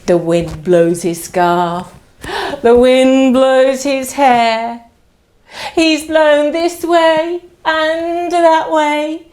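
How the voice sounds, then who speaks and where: A woman who teaches nursery reads a picture book aloud to small children in a high, sing-song, lively voice, encouraging them to join in.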